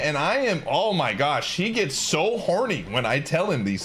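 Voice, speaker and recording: A man's voice: fairly high pitch, moderate pace. A man streaming a game while he chats and tells a story in a casual, slangy way, often breaking into laughter. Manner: animated, laughs through the telling, slangy.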